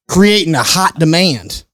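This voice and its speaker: Animated man telling stories, dry sound. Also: on the high side, slow, no echo. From St. Louis, USA. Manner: animated storyteller, acts out quoted voices, laughs often, swears casually. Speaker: podcast guest. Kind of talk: casual storytelling chat.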